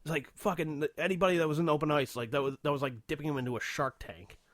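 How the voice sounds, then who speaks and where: Guy cohosting a podcast, laughs a lot, swears, kinda high voice, dry close mic. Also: fairly even intonation, quick pace, no echo. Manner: laughing storyteller, swears often, puts on loud impressions. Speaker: podcast co-host. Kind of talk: casual chat.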